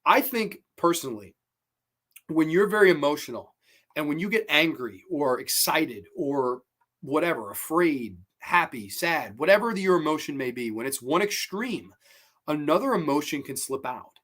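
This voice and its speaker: Excitable swearing man reviewing films. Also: fairly high pitch, normal speed. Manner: excitable, swears freely, lots of fillers and repeats. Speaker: horror movie reviewer and show host. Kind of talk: casual spoken film review.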